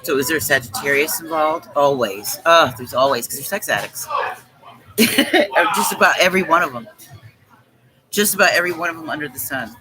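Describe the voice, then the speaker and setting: A woman's voice: sits low, lively intonation, normal speed, background noise. A woman hosting a tarot livestream, ranting in a blunt, profane, scornful way. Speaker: tarot reader and livestream host. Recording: music playing behind.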